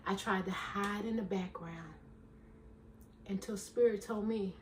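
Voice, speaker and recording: A middle-aged woman life coach giving a motivational talk in an emphatic, preacherly way, with a loud, commanding voice, calling listeners "baby" and "girl.". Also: mid-range voice, steady tone, measured pace, long pauses, distant mic, a little hiss or hum. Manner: self-described loud, commanding voice.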